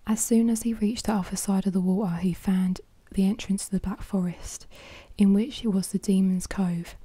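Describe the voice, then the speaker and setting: A woman whispering a fairy tale close to the microphone as a whispered role-play, pausing to correct herself. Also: mid-range voice, fairly even intonation, mellow, slightly rough, no room sound. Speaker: ASMR storyteller.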